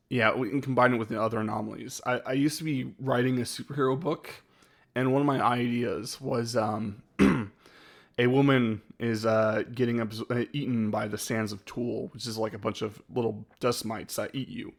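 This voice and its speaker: Guy streaming and rambling thru a tier list, lots of ums and little laughs, normal middle pitch. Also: fairly even intonation, moderate pace, gravelly. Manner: rambling and hesitant, with frequent laughs. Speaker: streamer ranking his own videos. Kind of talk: casual live-stream chat.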